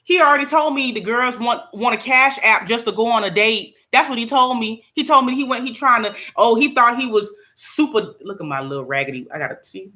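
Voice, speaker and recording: This vlogger, a middle-aged American woman, vents bluntly and animatedly, laughing often, while walking through her small apartment with a handheld phone camera. Her fairly high voice moves at a moderate pace with hardly any pauses.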